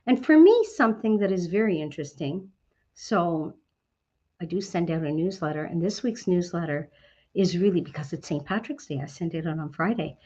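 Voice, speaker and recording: Addressing a business network, a Canadian woman gives an outgoing, animated motivational talk, frequently posing questions and answering them herself. Her voice is lowish at a moderate pace, and the recording sounds lo-fi.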